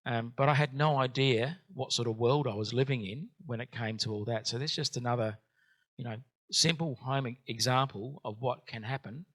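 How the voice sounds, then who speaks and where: A man's voice: mid-range voice, moderate pace, a bit bright. A man hosting a business workshop, telling a personal story with frequent ums and uhs. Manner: hesitant, many ums and uhs. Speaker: event host.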